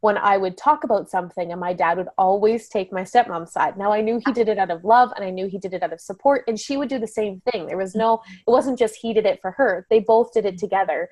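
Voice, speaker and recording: A woman's voice: mid-range voice, fast talker, few pauses, a little mellow, no echo. A woman guest on a podcast, a business coach who talks candidly and casually about her marriage, laughing often and leaning on fillers like "you know" and "like". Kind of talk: casual conversational interview.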